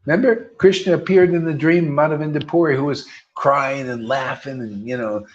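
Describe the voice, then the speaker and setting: A man giving an informal devotional sermon as a spiritual teacher, animated and joking in a preacherly way. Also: fairly high pitch, moderate pace, hardly any pauses, highs cut off.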